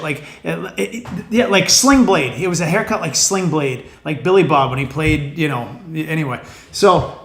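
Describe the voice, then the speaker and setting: A male stand-up comedian telling stories on a podcast in a rambling, profane, casual way with lots of fillers. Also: sits high. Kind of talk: casual comic storytelling. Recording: roomy echo.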